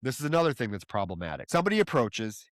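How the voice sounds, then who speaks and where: A man's voice: medium pitch, sing-song, racing, dry recording. A man co-hosting a horror movie podcast, recapping plot in exasperated, profane casual chat. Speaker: podcast co-host.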